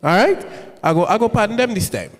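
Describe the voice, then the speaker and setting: An actor playing an upset but forgiving bus driver. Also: male voice, high-pitched, lively intonation, brisk. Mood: grumbling. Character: aggrieved middle-aged bus driver. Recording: hall reverb.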